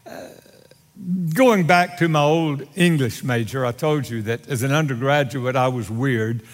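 A man preaching a sermon to his congregation, with a dramatic, drawn-out delivery and wry humor aimed at his listeners. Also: lively intonation. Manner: dramatic, drawn-out delivery with bold swings in pitch and volume. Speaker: pastor. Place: church sanctuary. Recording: long hall reverb from a large sanctuary.

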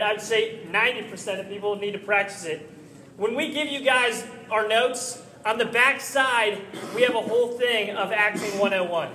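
A man's voice: high voice, sharp tone. Earnest coaching man in echoey hall. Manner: earnest, coaching, frequent "right?" asides. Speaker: presenter giving training tips. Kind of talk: instructional talk. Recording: echoey hall with slight noise.

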